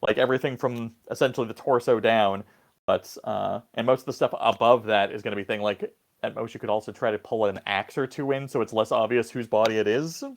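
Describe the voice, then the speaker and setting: A man's voice: lowish voice, fairly even intonation, a little fast, creaky. A man narrating a tabletop role-playing game as game master, casual and rambling with many fillers.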